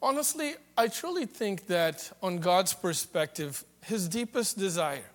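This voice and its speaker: A man preaching a sermon in a high, bright voice. He talks conversationally with jokes and builds to loud, emphatic points. The sound carries a long reverb, as in a large hall. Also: expressive, a little slow.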